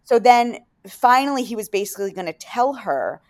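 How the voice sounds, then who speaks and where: A woman co-hosting a casual podcast, telling reality-show stories in an excitable, animated way. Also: on the high side, moderate pace. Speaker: podcast co-host. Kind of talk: casual chat.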